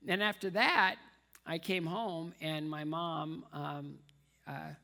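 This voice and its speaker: A man's voice: on the high side, fairly even intonation, takes it slowly, vocal fry, pushed and bright. A man giving a humorous personal storytelling speech as a guest speaker at a dinner, with comic timing, repeated words for effect, and acted-out voices of the people he quotes. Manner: acts out quoted voices of others.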